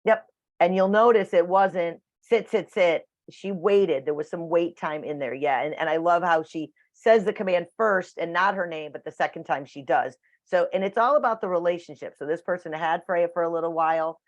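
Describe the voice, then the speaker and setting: A woman's voice: lowish voice, a little fast, few pauses, no room sound. A woman teaching a dog training class over a video call, chatty and matter-of-fact. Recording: dull dry video call audio.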